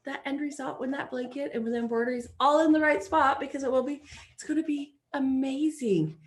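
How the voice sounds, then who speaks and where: A woman's voice: high voice, steady tone, brisk. A woman in her forties, a life coach hosting a solo podcast, talking earnestly and encouragingly and acting out the voices in her head.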